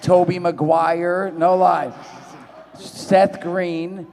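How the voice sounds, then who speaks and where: A man's voice: high voice, extremely slow, creaky. A man, telling rambling, profane stories at a convention panel. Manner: profane, rambling, animated voices in quotes. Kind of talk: storytelling to a live audience. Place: large convention hall. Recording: long hall reverb.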